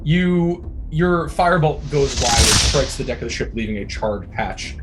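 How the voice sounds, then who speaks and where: A man's voice: medium pitch, lively intonation, normal speed, very noisy. A man running a tabletop game as game master, narrating casually with lots of fillers. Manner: casual, descriptive, many fillers. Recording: music behind the voice.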